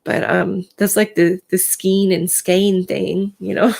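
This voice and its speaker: A woman's voice: medium pitch, little pitch movement, takes it slowly, vocal fry, darkish tone. A woman hosting a casual live stream, chatting to viewers by name, full of filler words, and in pain today.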